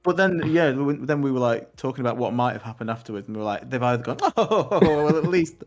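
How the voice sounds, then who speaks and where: A man's voice: medium pitch, steady tone, fast talker. A man in his thirties from England, co-hosting a podcast and telling rambling stories with frequent laughs. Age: 30s. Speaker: podcast co-host. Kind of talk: casual banter.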